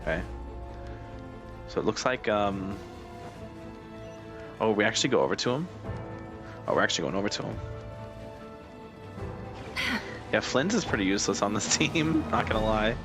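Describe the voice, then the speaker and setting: Young male streamer, casual and jokey, lowish voice, light game music behind. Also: big pitch swings, moderate pace, pauses often. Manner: joking, talks to his cat. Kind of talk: casual live-stream chat.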